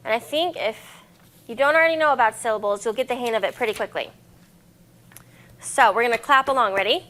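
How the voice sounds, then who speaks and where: A woman's voice: a little high, a little fast, pauses often, bright, forceful tone. Cheerful woman teaching children poetry. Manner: cheerful, encouraging, clapping out syllables. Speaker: children's librarian. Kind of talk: children's library lesson.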